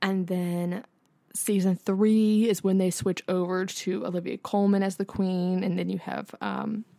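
A woman's voice: mid-range voice, level tone, measured pace, vocal fry, dark tone, dry recording. A young woman co-hosting a podcast, chatting casually with lots of "like" fillers and frequent swearing. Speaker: podcast co-host. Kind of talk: casual chat.

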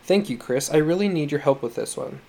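A man reading the part of a tender, patient foster mother who speaks gently and coaxingly. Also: a little high, lively intonation, fairly quick, gravelly. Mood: gentle.

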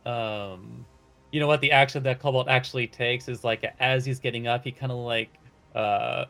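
A man's voice: medium pitch, fairly even intonation, moderate pace, creaky, sharp tone, faint music behind. A young man playing in a tabletop game, loose and playful, laughing often. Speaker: player. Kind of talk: casual tabletop play.

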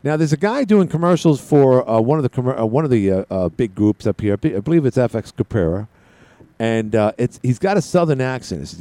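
A man's voice: mid-range voice, big pitch swings, fairly quick, dark tone, dry recording. A man hosting a call-in talk radio show, rambling casually with frequent restarts. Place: radio studio.

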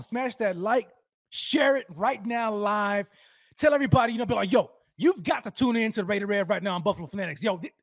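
A man's voice: sits high, breathy edge, no echo, clean studio sound. A man hosting a live sports fan show, hyped and rambling, with slangy street talk and lots of repeats.

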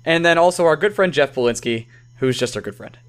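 Lively high-voiced male podcast host. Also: fairly quick. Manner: animated, jokey, stumbles over names. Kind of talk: casual sports podcast chat.

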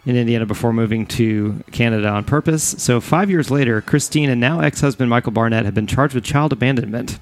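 A man's voice: mid-range voice, a little fast, hardly any pauses. A man co-hosting a casual talk show, reading a news story aloud and tripping over words as he goes. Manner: stumbles over words and restarts while reading.

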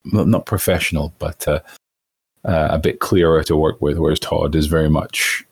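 A man talking as a voice actor guest in a casual interview, thoughtful and halting, often restarting his sentences. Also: extremely low pitch, steady tone, slightly rough, no echo. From outside the United States.

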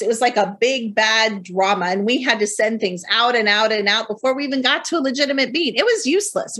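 A woman with a slightly high voice hosts a casual conversation. She speaks in quick bursts and often trails off before finishing a thought. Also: a bit bright, husky. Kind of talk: casual chat.

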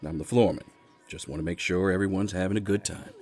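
An actor playing a large casino floorman, firm, smooth and polite. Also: low voice, steady tone, fast talker, a little mellow, no room sound, soft background music. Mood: calm firm. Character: big, calm casino floorman.

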